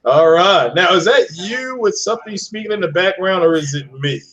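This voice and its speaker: A man hosting a casual live-streamed podcast, upbeat and full of shout-outs to his chat. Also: high-pitched, lively intonation, moderate pace. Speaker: podcast host. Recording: muffled lo-fi stream audio.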